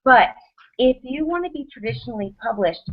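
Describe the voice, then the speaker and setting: A woman in her thirties on a podcast panel, telling a personal story in quick, animated bursts with restarts and laughs. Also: on the high side. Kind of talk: casual storytelling chat. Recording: dull lo-fi podcast audio.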